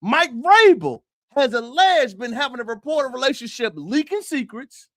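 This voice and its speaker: A high-pitched man hosts an opinionated livestream, talking straight to his viewers. He hammers points with rhetorical questions and repeated phrases and sometimes breaks into a shout. The sound is dry and close, with no room echo. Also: animated, moderate pace. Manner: emphatic, rhetorical questions, addresses viewers directly. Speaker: livestream host.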